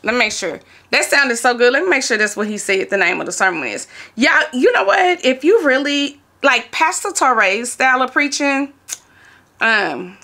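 A woman in her forties talks straight to her viewers in a casual, chatty vlog. Her voice sits a little high and swoops all over the place as she gets excited. She throws in playful whoops and keeps things animated and exclamatory. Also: normal speed. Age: 40s. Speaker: lifestyle vlogger.

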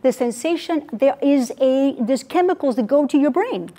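A woman's voice: sits high, moderate pace. A middle-aged woman coaching a live audience in a motivational talk, stressing key words by repeating them and coaxing listeners to join in. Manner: lively, coaxes the audience to join in. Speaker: public speaking coach. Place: event venue with an audience.

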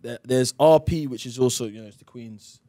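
Relaxed South London man, rambling. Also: medium pitch, fairly quick, dry recording. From England. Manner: relaxed and rambling, full of "you know". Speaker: actor guest. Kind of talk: casual radio interview chat.

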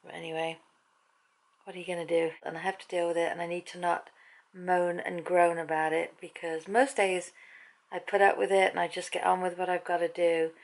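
Chatty British woman with a creaky voice. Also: on the low side, flat delivery, fairly quick, low-quality recording. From Britain. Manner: chatty, candid, talks to viewers directly. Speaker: vlogger. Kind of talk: casual daily vlog chat. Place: at home.

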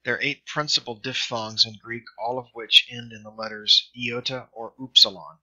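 A middle-aged man teaching in a recorded lesson, speaking slowly and carefully as he drills pronunciation. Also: medium pitch, gravelly, bright, forceful tone, breathy edge. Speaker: Greek teacher. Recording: dull lo-fi screen recording.

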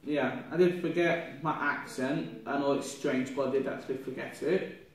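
A young man, a drama student, reflecting aloud on his performance in a halting, rambling way with many restarts, sounding ill with a cough. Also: mid-range voice, steady tone. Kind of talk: spoken self-reflection. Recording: echoey room from far off, faint noise.

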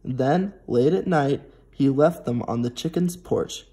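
Teen boy reading a kids book, slow and gentle, kinda husky. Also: medium pitch. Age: teens. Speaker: storybook reader. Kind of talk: reading a picture book to preschoolers.

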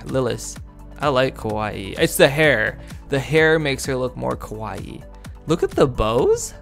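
A man's voice: medium pitch, vocal fry, a bit bright. A young man giving casual, goofy commentary while rating game outfits, rambling and laughing often. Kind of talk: casual commentary over gameplay. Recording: faint background music.

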